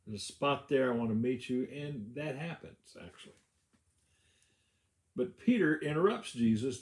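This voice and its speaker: A man's voice: medium pitch, normal speed, a little mellow, reverberant. A male pastor giving a casual devotional Bible teaching, talking conversationally with many "uh" fillers and restarts.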